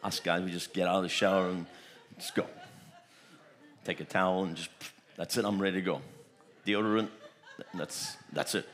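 A man's voice: low voice, fairly even intonation, normal speed, long pauses, fairly bright tone. A man preaching a charismatic sermon, repeating phrases, chuckling often and breaking into tongues. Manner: repetitive, chuckling, bursts into tongues.

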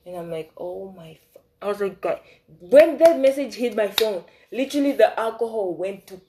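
A young woman telling a casual storytime about her crushes, animated, swinging between loud outbursts and soft asides. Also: medium pitch. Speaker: vlogger.

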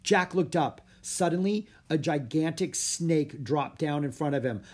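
A man reading a children's adventure book aloud, measured and slowing for suspense. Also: a little high, darkish tone. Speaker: audiobook reader. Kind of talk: scripted narration.

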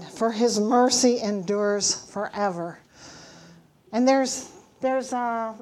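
A woman's voice: medium pitch, slight background noise. A middle-aged woman giving an earnest church testimony, teaching from scripture and telling her story with emphatic, acted-out dialogue.

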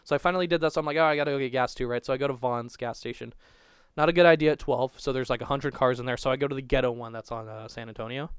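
Fast, profane, rambling young man. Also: medium pitch, steady tone, clear, resonant tone, dry recording. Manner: profane, rambling, restarts a lot. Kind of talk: crude casual storytelling.

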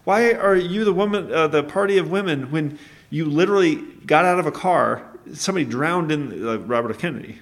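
A man with a fairly high, slightly bright voice talks briskly as a podcast co-host. His casual chat meanders through stories, with plenty of self-corrections.

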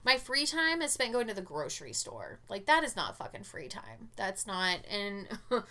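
A woman's voice: mid-range voice, huge pitch swings, normal speed, bright, forceful tone. A woman chatting casually, telling stories candidly and swearing freely. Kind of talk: casual chat.

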